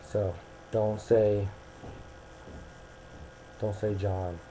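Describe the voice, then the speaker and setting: A man's voice: on the low side, level tone, very slow, dark tone, a little hiss or hum, rough recording. A young American man talking casually into a webcam, rambling and hesitant with many restarts. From United States.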